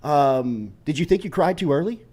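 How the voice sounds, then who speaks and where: A male sports radio host with a slightly high voice. He asks effusive, admiring questions. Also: animated, moderate pace, crowd noise. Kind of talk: radio interview.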